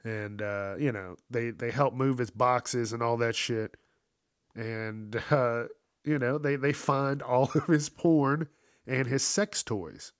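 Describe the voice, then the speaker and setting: A man's voice: medium pitch, steady tone, slow pace, no echo, clean studio sound. A man giving casual, profane commentary on an odd news story, incredulous and laughing often.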